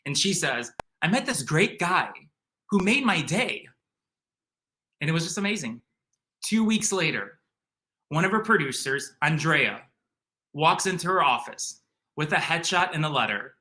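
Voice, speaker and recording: A young man from the area, eagerly telling a personal story in an animated way, full of "like" and "um". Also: a little high, a little slow, pauses often. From Chicago area. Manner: animated, excitable, uses lots of "like" and "um". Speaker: storyteller guest.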